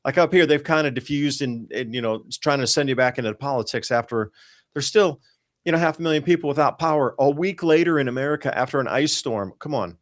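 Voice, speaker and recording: Male talk-show host, mid-pitched, emphatic and rambling, dry close mic. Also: fast talker, dry recording. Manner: excited, emphatic, rambling with restarts. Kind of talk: casual talk-show commentary on weather charts.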